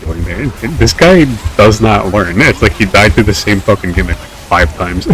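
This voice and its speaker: A man's voice: lowish voice, lively intonation, moderate pace, fairly bright tone, soft background music, low-quality recording. A man streaming a game while talking on voice chat, wry and grumbling, swearing as he plays. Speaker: gamer streaming a raid. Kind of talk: casual gaming voice chat. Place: online voice chat while gaming.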